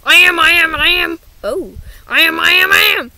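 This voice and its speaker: A woman voicing a greedy, blustering old male crab boss in a fan dub of a cartoon, indignant and shouting. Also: extremely high pitch, normal speed, a little hiss or hum, heavily acted. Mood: insisting.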